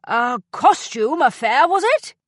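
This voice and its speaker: A wry old gentleman, read by a woman. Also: fairly high pitch, expressive, unhurried, no echo, studio quality. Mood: amused. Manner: dryly amused, courtly. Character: elegant silver-haired older gentleman, cheerful and wry.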